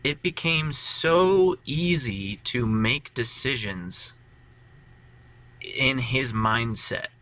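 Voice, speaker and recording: A man's voice: mid-range voice, expressive, extremely slow, pushed and bright, dry recording. A man co-hosting a casual podcast about tabletop role-play, rambling animatedly with lots of fillers. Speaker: podcast co-host, tabletop player.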